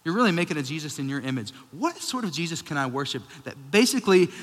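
A man's voice: on the high side, lively intonation, fast talker, few pauses, fairly bright tone. A young man preaching a sermon, conversational and joking, building to emphatic peaks. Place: church hall. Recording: long hall reverb.

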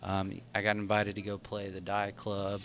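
A man's voice: on the low side, completely flat delivery, normal speed, fairly bright tone. A young man telling a long story in casual chat, rambling with many restarts and fillers.

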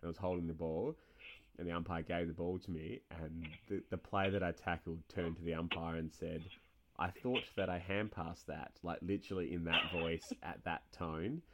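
A man's voice: deep voice, little pitch movement, brisk, background noise. A young man co-hosting a podcast, telling rambling, sweary stories and laughing often in casual chat. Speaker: podcast co-host.

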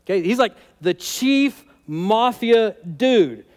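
A man's voice: sits high, lively intonation, slow pace, darkish tone. A man preaching a sermon in a conversational, humorous and emphatic way. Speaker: pastor.

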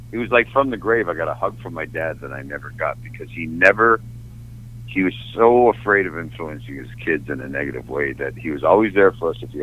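A man's voice: rumbling low, sharp tone, husky, rough recording. An older man from Canada, an actor, telling candid and emotional stories from his life in an interview, often restarting his sentences. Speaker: actor guest. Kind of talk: anecdotal interview storytelling.

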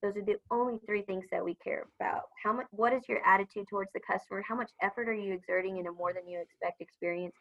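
A woman's voice: medium pitch, fairly even intonation, fast, hardly any pauses, fairly bright tone, muffled recording. A woman, upbeat and chatty, talking about customer service in a business interview. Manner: upbeat, chatty, acts out phone greetings. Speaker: supplier customer service leader.

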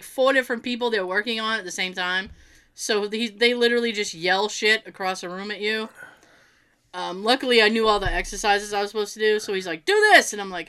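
A woman chatting casually, telling an animated, laughing story with plenty of swearing. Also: medium pitch, clean tone. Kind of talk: casual chat.

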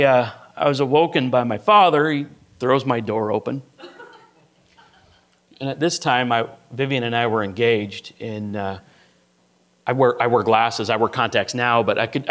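A middle-aged male pastor giving a sermon in a relaxed, conversational way. He builds his point through a personal story, speaking in a middle pitch and stopping often to ask "right?".

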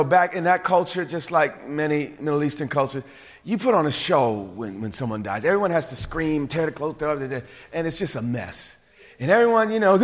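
A sermon delivered with emphasis by a suburban man in a high, shifting, lively voice. He drops in asides, restarts fast, and the long reverb of a large hall surrounds his speech.

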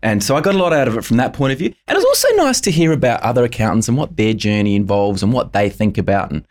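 A man's voice: medium pitch, very animated, fast. A man interviewing a guest in a casual chat, rambling and hesitant with many ums and restarts.

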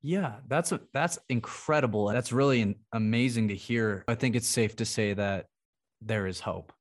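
A man's voice: on the low side, normal speed. Earnest young man hosting a podcast. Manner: earnest, thoughtful questioner. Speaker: podcast host, interviewer. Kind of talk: interview questions.

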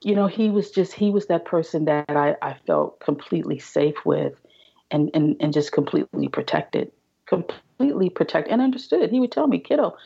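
Woman, podcast guest, low and gravelly, halting storyteller. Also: sing-song, dark tone, highs cut off. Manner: halting, many restarts and repeated words. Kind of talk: casual interview storytelling.

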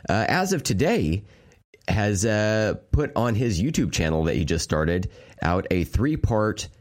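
A man hosting a podcast, talking casually with a hoarse voice, rambling with lots of fillers and swearing. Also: lowish voice, sing-song, a little slow. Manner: loose, profane, rambling with many fillers. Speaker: podcast host.

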